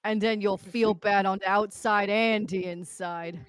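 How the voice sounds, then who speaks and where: A woman's voice: mid-range voice, steady tone, unhurried, clear, resonant tone. A woman playing a mother in a tabletop role-play, laughing often and drifting in and out of a put-on accent. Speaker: player.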